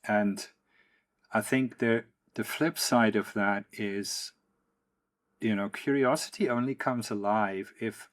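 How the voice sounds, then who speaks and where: A man from the Netherlands hosting an interview as a coach, speaking in a measured, reflective way. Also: fairly low pitch. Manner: measured, reflective, frequent hums of agreement. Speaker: podcast host, coach. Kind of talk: conversational interview.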